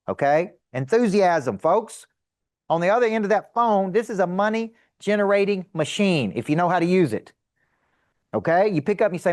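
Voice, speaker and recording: A middle-aged man teaching a seminar to a live audience as a sales coach, energetic and emphatic, asking rhetorical questions. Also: a little high, fairly quick, dry recording, clean studio sound.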